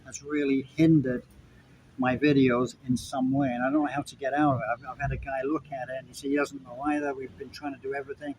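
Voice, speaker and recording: A man's voice: mid-range voice, flat delivery, a little fast, darkish tone, a little hiss or hum, low-quality recording. A man from Britain, casually ranting to camera in a vlog. He rambles and repeats himself as he talks straight to his viewers. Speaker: vlogger. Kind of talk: casual evening rant to camera. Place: Puerto Vallarta, Mexico.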